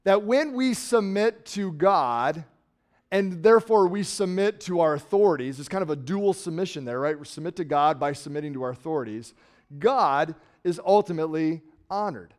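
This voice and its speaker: Preaching his sermon in a conversational style, a middle-aged Nebraska pastor shifts from loud emphasis to words that trail off quietly. He speaks at normal speed in an expressive, higher-pitched voice.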